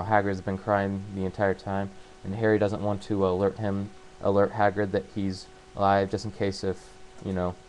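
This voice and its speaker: Halting man with a low, flat voice. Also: slight background noise, poor audio. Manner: halting, full of fillers and restarts. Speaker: book summarizer. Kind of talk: casual spoken plot retelling.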